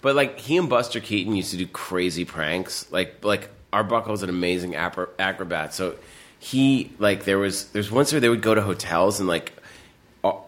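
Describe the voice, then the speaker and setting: A man's voice: deep voice, lively intonation, normal speed, fairly bright tone. Rambling man spinning casual anecdotes. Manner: rambling anecdotal storytelling with many fillers. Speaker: podcast co-host telling stories. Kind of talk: casual chat.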